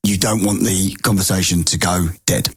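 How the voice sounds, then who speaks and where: A man co-hosting a podcast, telling stories in casual chat with lively swearing. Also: deep voice, normal speed, breathy edge. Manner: animated, swearing storyteller. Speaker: podcast co-host.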